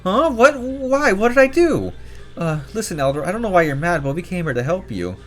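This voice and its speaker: A man voicing an earnest young boy heir to a tribe who pleads and whines nervously in a squeaky voice. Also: big pitch swings, a little fast, fairly bright tone, soft background music. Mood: pleading.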